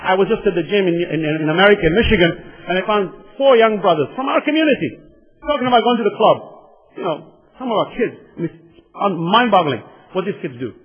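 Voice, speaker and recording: A man with a high voice delivers an impassioned sermon, repeating himself for emphasis and calling out to his listeners. The sound is dull and lo-fi, with a long reverb trailing off through a large hall. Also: very animated, quick pace, husky. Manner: impassioned, repetitive, addresses the congregation directly. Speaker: preacher.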